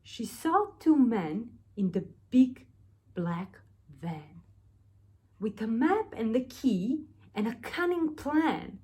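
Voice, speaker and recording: A nursery teacher reading a children's picture book aloud with expressive, drawn-out storytelling. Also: female voice, fairly high pitch, breathy edge.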